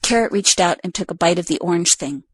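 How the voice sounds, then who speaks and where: A woman narrating a children's storybook in an expressive, animated reading. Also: fairly low pitch, quick pace, husky, no room sound, studio quality.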